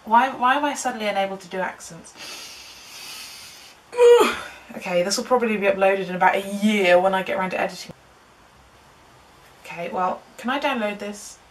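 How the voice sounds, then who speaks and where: A woman's voice: mid-range voice, fast talker, slight background noise, poor audio. A young woman chatting casually to camera in a rambling, giggly, self-mocking way. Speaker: vlogger.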